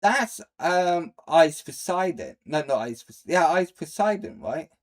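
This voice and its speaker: A young man giving casual, rambling reaction commentary, blunt and jumping between loud outbursts and low mutters. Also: very animated, a little slow. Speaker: streamer reacting to a video.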